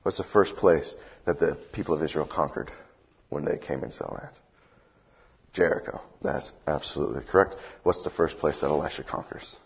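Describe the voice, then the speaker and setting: Very deep-voiced husky male preacher. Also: moderate pace, lo-fi sound. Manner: conversational, checks in with listeners. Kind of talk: bible study teaching.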